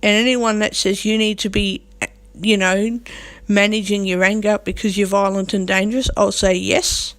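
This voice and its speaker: A woman talks straight to her viewers with blunt, defiant force, often in coarse words. She repeats her points over and over to press them home. Her voice sits at an ordinary pitch and sounds close and dry, with no room echo. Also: flat delivery, moderate pace, a bit bright. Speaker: vlogger. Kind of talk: unscripted talk to camera.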